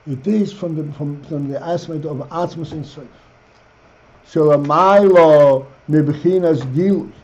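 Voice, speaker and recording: A rabbi leads a class, reading old phrases with care before explaining them. His voice sits slightly high with a mellow, dark tone. The recording is dull and lo-fi. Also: fairly even intonation. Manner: reads Hebrew phrases slowly, then explains in English.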